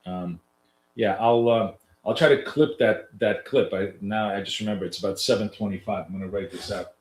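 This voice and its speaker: A nasal man with a lowish voice talks viewers through live trades, loose and chatty, with plenty of fillers. The sound is roomy and echoey. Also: moderate pace, darkish tone, a little hiss or hum. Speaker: trading coach hosting a live stream. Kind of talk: live trading commentary to viewers. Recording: roomy echo.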